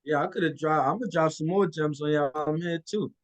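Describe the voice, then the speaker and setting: A man's voice: fairly high pitch, a little fast, rough recording. A man coaching listeners on a live call in a casual, confident way, acting out phone calls. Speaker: guest land investor.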